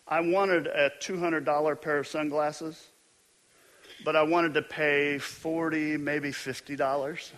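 A middle-aged male pastor preaching a sermon, telling stories with animated, self-mocking humor. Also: medium pitch.

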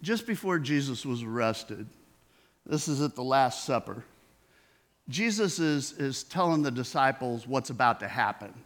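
A man's voice: medium pitch, animated, measured pace, a bit bright. A man preaching a sermon in a conversational way, acting out the dialogue he quotes. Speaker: pastor.

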